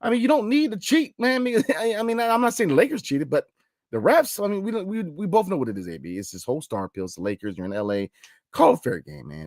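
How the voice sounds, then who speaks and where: Lively late-night sports podcast host man. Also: high-pitched, no echo, studio quality. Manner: animated, talks through slang and repeated fillers.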